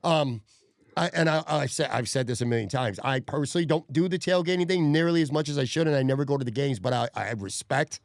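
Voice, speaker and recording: A man hosting a podcast in a relaxed, easygoing manner, reading out listener comments between his own takes. His voice sits in a middle register. The sound is dry and close, with no room echo. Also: medium pitch, fast talker. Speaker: podcast host. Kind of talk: casual chat.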